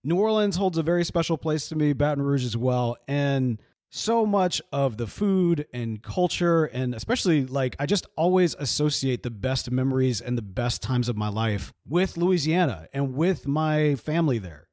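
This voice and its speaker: A man's voice: medium pitch, animated, normal speed, darkish tone, dry recording, clean studio sound. A man in his thirties who grew up in the American South, talking through a cartoon episode in an earnest, emotional, rambling way with many asides. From Southern US, grew up in Mississippi. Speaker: video creator reacting to a cartoon episode. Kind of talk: casual reaction monologue.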